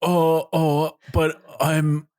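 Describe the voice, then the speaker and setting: A man's voice: on the high side, monotone, very slow, darkish tone, no room sound, studio quality, pitched above the performer's own voice. A man voicing a lovesick, self-pitying young woman in a whiny, overacted way. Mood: pleading.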